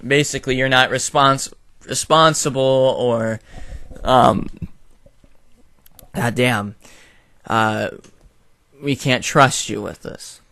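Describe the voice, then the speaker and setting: A man's voice: medium pitch, pushed and bright, no room sound. A young man who rants his opinions to his viewers in a blunt, profane way, with a lot of fillers. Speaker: video commentator. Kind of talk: opinion rant to camera.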